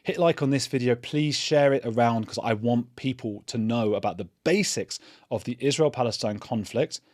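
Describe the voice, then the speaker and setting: A man's voice: mid-range voice, moderate pace, a little mellow, no room sound. Earnest man hosting commentary, dry sound. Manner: earnest, thinks aloud with restarts. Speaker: channel host. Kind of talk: casual commentary to camera.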